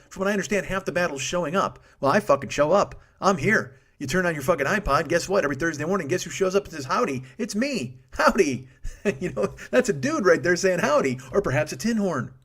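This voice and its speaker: Fast-talking, profane comedy podcast man. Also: high-pitched, animated, a bit bright. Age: 40s. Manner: profane, self-interrupting, laughs at own jokes. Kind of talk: rambling comedic monologue. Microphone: studio microphone.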